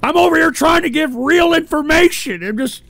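A man hosting a radio show, ranting profanely and swinging between exasperated shouting and weary mumbling. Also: very high voice, expressive, moderate pace, no echo. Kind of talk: profane on-air rant.

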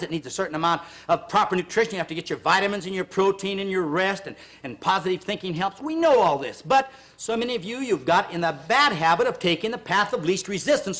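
On a TV exercise class, a man with a high, fairly bright voice counts reps and spurs his viewers on. Now and then he offers earnest, preachy heart-to-heart asides.

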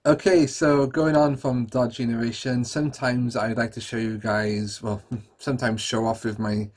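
A man's voice: medium pitch, flat delivery, normal speed, darkish tone. A man, hosting his channel and chatting casually and self-deprecatingly to camera as he looks back over his old videos. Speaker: YouTuber host. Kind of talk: casual retrospective chat to camera.

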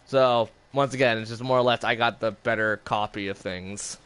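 A man's voice: lowish voice, fairly even intonation, moderate pace, fairly bright tone, clear, resonant tone. A man chatting casually in a rambling way while streaming gameplay. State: has the hiccups. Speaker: gaming streamer.

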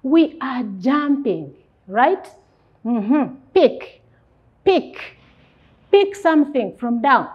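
Slow sing-song woman teacher, lo-fi. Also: high voice, big pitch swings, husky. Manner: slow, sing-song teacher talk, asks and answers her own questions. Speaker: primary school English teacher. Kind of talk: classroom lesson. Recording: dull lo-fi recording.

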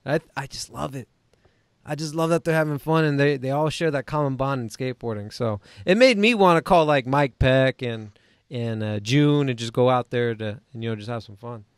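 A man co-hosting a podcast in a relaxed, playful way, teasing his friends and often stumbling over his words. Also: mid-range voice, moderate pace, clean tone, no echo, clean studio sound. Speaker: podcast co-host. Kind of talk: casual chat.

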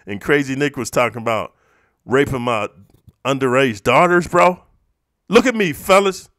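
A man from the eastern United States ranting at his viewers in a profane, confrontational monologue that swings between low muttering and loud outbursts. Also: moderate pace, no echo, clean studio sound. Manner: profane, confrontational, says "bro" constantly. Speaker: YouTuber reacting to comments.

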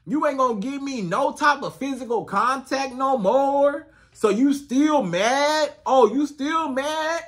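A man's voice: very high voice, slow pace, hardly any pauses, a bit bright, voice pushed up, exaggerated voice. A man acting out a pleading boyfriend who whines and begs for a hug. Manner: whiny, wheedling questions. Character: pleading boyfriend begging for affection.

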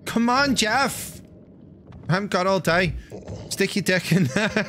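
A man live-streaming a game, commenting in a crude, joking way with excitable outbursts. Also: sits high, unhurried, a little hiss or hum.

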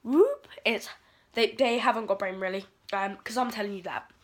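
A woman's voice: medium pitch, normal speed. A teenage girl rambling through a sweary, exasperated vlog rant. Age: teens. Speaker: vlogger. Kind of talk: casual ranting vlog.

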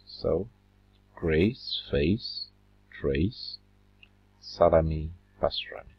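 A man teaching a literature lesson, slow and deliberate, drawing out words as he counts syllables, with a husky voice. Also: deep voice. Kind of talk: recorded classroom lesson. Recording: dull lo-fi recording.

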